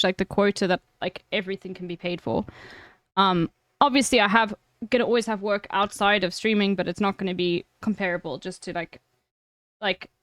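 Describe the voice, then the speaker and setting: A woman's voice: mid-range voice, a bit bright, no echo, studio quality. A woman streamer chatting frankly with viewers, giving blunt advice and swearing freely. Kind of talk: casual chat with viewers.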